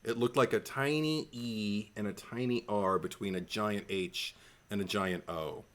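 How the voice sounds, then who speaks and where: A man's voice: fairly low pitch, unhurried, a bit bright. A man co-hosting a podcast, chatting casually with laughs and rambling asides. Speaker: podcast co-host. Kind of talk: casual chat.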